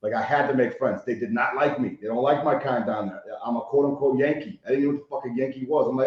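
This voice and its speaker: Man from Chicago, interview guest, animated storytelling, swears a lot, very echoey room, muffled sound. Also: medium pitch, fast, few pauses. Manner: animated storyteller, swears freely, frequent "right?" tags. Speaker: guest, rehab consultant. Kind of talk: casual podcast interview.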